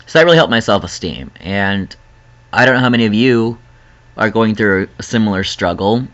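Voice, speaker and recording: A young man speaks directly to his viewers in an earnest, rambling personal vlog, laughing every so often. His voice is bright and sharp yet on the low side, animated, and at a moderate pace. The recording sounds dull and lo-fi.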